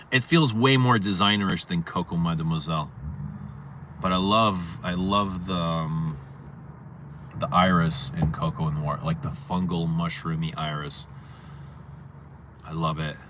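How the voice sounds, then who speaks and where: Man, deep low voice, casual livestream chat, rambling, repeats himself, faint background noise. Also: fairly even intonation, unhurried, long pauses. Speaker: fragrance livestream host. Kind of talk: casual livestream chat reading viewer comments.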